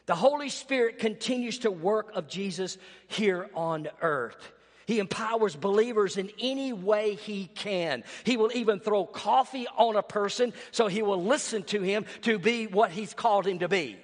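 A man delivers a storytelling sermon in a fairly high voice. He moves between quiet, confiding lines and sudden loud bursts. Long reverb hangs behind every phrase, as in a large hall. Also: animated, normal speed. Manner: storytelling preacher, swings from hushed to loud. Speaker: pastor.

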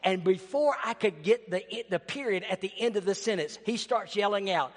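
Preacher in a reverberant hall. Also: male voice, high voice, expressive, moderate pace, hardly any pauses. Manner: storytelling preacher, swings from hushed to loud. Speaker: pastor. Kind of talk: sermon.

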